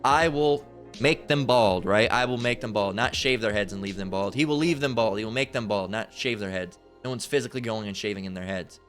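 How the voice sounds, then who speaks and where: A man's voice: lowish voice, a little fast, fairly bright tone, soft background music. A man preaching over a Bible passage in a crude, profane rant. He stammers, restarts often and keeps asking "right?". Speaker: street preacher.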